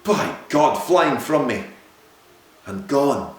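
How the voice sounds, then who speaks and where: Brief: man voicing a haunted Victorian sea captain, unstable, lurching from wild shouts to low murmurs, heavy room echo. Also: sing-song, normal speed, creaky, full character voice. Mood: frantic. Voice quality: swings from shouting to hushed murmurs. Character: feverish haunted male ship captain, unstable. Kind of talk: audiobook reading of a Victorian ghost story. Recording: very echoey room.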